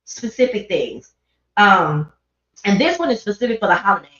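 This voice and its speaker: A woman with a mid-range, fairly bright, sing-song voice speaks at a moderate pace while hosting a livestream. In an earnest, rambling, chatty way she shares personal thoughts on grief. Her livestream microphone yields a roomy, dull recording.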